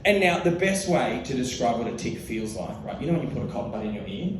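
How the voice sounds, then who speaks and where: A man's voice: medium pitch, big pitch swings, fast talker, heavy reverb, distant mic, background noise. A man in his thirties with an Australian accent, giving a comic keynote talk on stage, laughing often and acting out voices in his stories. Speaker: keynote speaker. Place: large hall with live audience.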